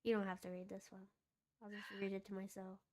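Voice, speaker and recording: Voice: medium pitch, completely flat delivery, fast. A VTuber chatting casually on a game stream, playful and giggly, laughing often between remarks.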